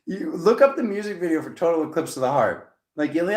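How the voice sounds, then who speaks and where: A man's voice: a little high, sing-song, fast, hardly any pauses. A man giving a casual, chatty tarot reading to camera. He rambles playfully, with jokey asides and laughter. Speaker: tarot reader. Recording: echoey room.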